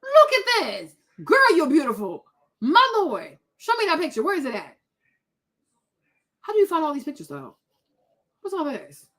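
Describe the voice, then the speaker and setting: A woman host giving casual reaction commentary on pictures, animated and exclaiming, repeating herself a lot. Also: high-pitched, normal speed, long pauses. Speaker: commentary vlogger.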